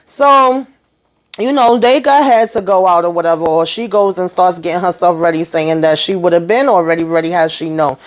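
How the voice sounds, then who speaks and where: A woman's voice: on the low side, normal speed. Chatty woman recapping a TV episode. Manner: chatty, emphatic, acts out characters' lines; frequent "you know" and "okay" tags. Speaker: TV recap host.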